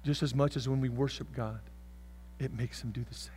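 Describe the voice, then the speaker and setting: A man preaching a sermon as pastor, swinging from loud shouts to soft whispers and acting out voices. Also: mid-range voice, steady tone, brisk, a little hiss or hum.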